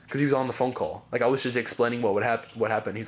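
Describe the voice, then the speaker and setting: A man talks through a personal story on a podcast in a loose, rambling way, leaning on "like" and "bro" and restarting his sentences. His voice sits at an ordinary middle pitch. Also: fairly even intonation, very fast, few pauses. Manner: rambling, heavy use of "like" and "bro", frequent restarts. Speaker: podcast guest.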